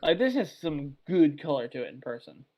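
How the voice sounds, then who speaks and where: A man's voice: fairly high pitch, big pitch swings, normal speed, darkish tone. A man from Texas hosting a casual beer podcast, chatty and rambling, swearing offhand. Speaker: podcast host. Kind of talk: casual chat.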